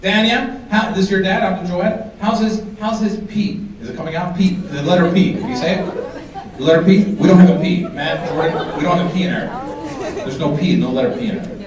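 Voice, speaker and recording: A man doing stand-up comedy, animated and teasing the audience, sometimes shouting his punchlines. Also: high voice, brisk. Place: large hall with a live audience. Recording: echoey hall, distant mic, crowd.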